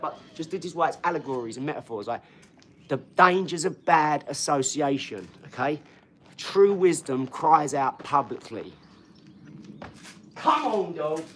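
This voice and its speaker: Slightly high in pitch, a man's voice carries a little hiss or hum as he hosts a casual livestream. He moves loosely from topic to topic, swears without holding back, and speaks directly to viewers' comments.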